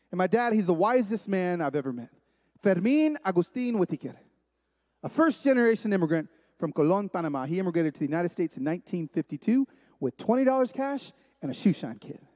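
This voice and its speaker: A man's voice: sits high, mellow. A man giving an emphatic, story-driven sermon-style talk to a live audience in a large room, repeating his key lines for weight. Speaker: speaker at a men's gathering. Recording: long hall reverb.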